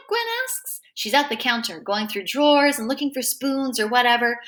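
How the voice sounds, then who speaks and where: Audiobook reader: woman, bright higher voice, lively animated narration. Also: normal speed, few pauses. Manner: animated first-person narration. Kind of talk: reading a novel aloud.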